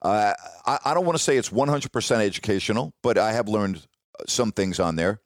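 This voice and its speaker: A man's voice: fairly low pitch, fairly quick, no echo, studio quality. A middle-aged man, a former sportscaster, telling a long personal story in a rambling, self-interrupting way. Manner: rambling, self-interrupting, quotes others in dialogue. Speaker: former sportscaster, podcast host. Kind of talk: casual storytelling monologue.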